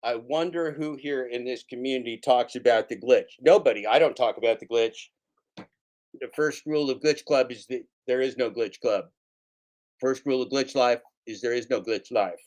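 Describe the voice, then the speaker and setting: A man's voice: medium pitch, moderate pace, a little mellow. Sarcastic, profane livestream host man. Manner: sarcastic, profane, repeats his lines. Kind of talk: casual livestream rant.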